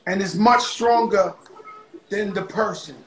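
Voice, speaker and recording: A male host speaking in a heartfelt, halting way, pausing and restarting as he talks. His voice is a touch high and comes through with a roomy, echoey sound. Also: a little hiss or hum. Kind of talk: casual conversation.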